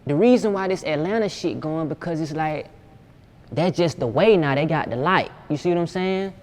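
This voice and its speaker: A man's voice: a little high, moderate pace, a little mellow. Laid-back young man, slangy. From Georgia, USA. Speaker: music producer, guest. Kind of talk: casual interview.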